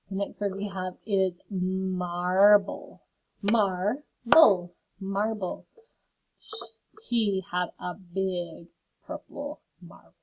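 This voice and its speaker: A woman teaching a phonics lesson to children, slowly sounding out word parts. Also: mid-range voice. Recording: phone-like narrow sound.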